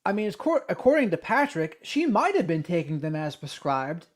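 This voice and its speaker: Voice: mid-range voice, sing-song, normal speed. A true crime livestream host, conversational and thinking aloud, who reads out a call transcript and then comments on it.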